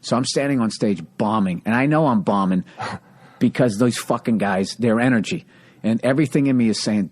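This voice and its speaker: A man's voice: medium pitch, normal speed. Profane storytelling male comedian. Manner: profane, animated storytelling with acted-out quotes. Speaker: comedian and podcast host. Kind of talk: casual storytelling chat.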